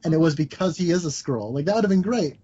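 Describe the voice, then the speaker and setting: A man's voice: fairly high pitch, lively intonation, quick pace, dark tone, slightly rough. A man co-hosting a podcast, chatting casually and hesitantly, with stacked fillers. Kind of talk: casual chat. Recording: dull lo-fi podcast audio.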